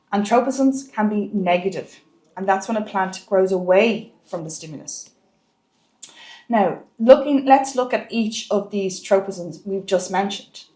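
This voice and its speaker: A woman's voice: medium pitch, darkish tone, echoey room. A woman teaching a biology exam lesson, stressing key words and repeating points for the marks. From Ireland.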